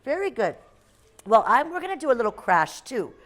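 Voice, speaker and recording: A woman's voice: on the high side, sing-song, a little fast, a bit bright. A woman teacher leading a classroom phonics lesson for young children, sounding out letter blends and reading them a story.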